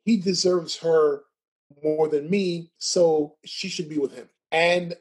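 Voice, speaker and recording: Husky man telling stories with laughs. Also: on the high side, steady tone, slow. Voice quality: stutters at times. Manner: laughs often, tags sentences with "right?". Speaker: podcast guest. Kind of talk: casual storytelling chat.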